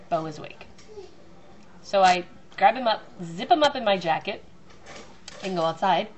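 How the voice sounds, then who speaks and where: A woman's voice: mid-range voice, a little hiss or hum. A woman telling a long, rambling, self-mocking story about her family at home. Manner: chatty, self-mocking, acts out loud voices.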